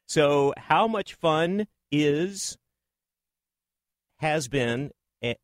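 A man's voice: fairly high pitch, animated, very slow, dry recording, studio quality. A man hosting a casual radio interview in a broadcast booth, joking and slipping into impressions. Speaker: radio host.

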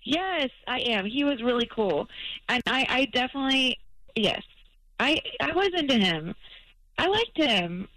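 A woman's voice: high voice, sing-song, a little slow, fairly bright tone, no room sound, low-quality recording. A woman calling into a radio show, hesitant and giggly, trailing off as she explains herself. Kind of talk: phone call on air.

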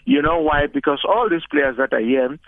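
An older South African man talks over a tinny, narrow phone line. His voice is gravelly and dry. He chats in a relaxed way and often repeats words as he gets going. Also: a little high, moderate pace, no echo. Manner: relaxed, chatty, repeats words when starting. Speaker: guest, former football coach. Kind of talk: phone interview. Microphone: telephone.

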